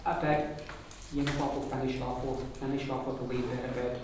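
This language teacher has a medium-pitched, level voice and speaks a little fast. He explains in loose restarts and keeps checking with his students during the classroom lesson, heard from afar in a noisy, echoey room.

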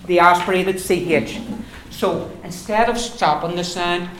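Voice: mid-range voice, a little slow, fairly bright tone. Patient Donegal teacher in an echoey room. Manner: patient, repeats sounds many times over. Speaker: language teacher. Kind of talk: classroom pronunciation lesson. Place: classroom. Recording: very echoey room, mic far off, background noise.

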